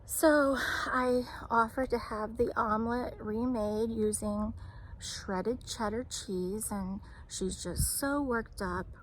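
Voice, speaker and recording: Server lady telling a work story outside in the shade, a bit high voice, faint outdoor sound behind. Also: steady tone, slow pace, slight background noise. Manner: chatty, candid retelling with fillers. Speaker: restaurant server. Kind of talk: casual storytime vlog. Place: outdoors, sitting in the shade on a hot day.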